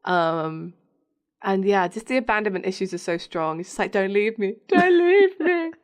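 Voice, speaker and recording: A woman's voice: medium pitch, moderate pace, clean tone. A young woman co-hosting a podcast, chatting casually, laughing often and quoting characters in put-on voices. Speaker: podcast co-host. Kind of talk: casual chat.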